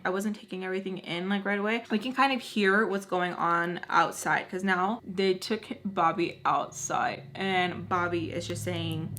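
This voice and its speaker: A woman's voice: fairly low pitch, fairly even intonation, moderate pace, few pauses, a bit bright, a little hiss or hum. A woman vlogger telling a personal story in a casual, emotional way, using "like" often. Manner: casual, fillers with frequent "like"; intense, emotional retelling. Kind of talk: storytime vlog.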